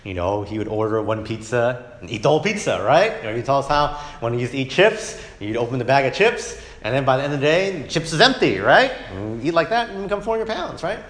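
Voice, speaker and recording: A fast-talking dad of young children hardly pauses as he teaches a conversational Sunday school Bible lesson in an echoey church classroom. His voice sits in the mid range, and he's animated, acting out quotes and repeatedly asking "right?"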